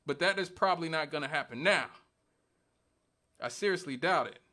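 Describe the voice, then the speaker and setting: A man's voice: a little high, moderate pace, bright, forceful tone. A male radio talk show host giving an emphatic, argumentative monologue, repeating points for stress. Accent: Northwest Indiana.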